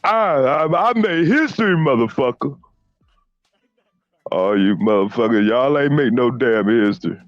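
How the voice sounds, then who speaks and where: A man's voice: medium pitch, sing-song, normal speed, no room sound, highs cut off, natural voice. A man impersonating a boastful, arrogant former basketball star in a comedic rant, swearing and stumbling over repeated restarts. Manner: profane bragging, stammered restarts.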